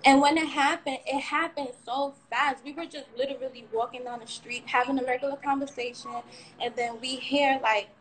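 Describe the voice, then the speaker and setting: A woman's voice: high-pitched, steady tone, normal speed, a bit bright, poor audio. Candid young woman telling her story. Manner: candid, rambling, swears. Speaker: shooting survivor sharing her story. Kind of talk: emotional personal account on a livestream.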